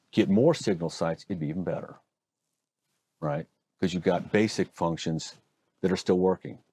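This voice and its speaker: A middle-aged man from Oregon, a hand surgeon telling stories and explaining procedures in a folksy, animated interview manner. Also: lowish voice. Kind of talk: conversational interview storytelling.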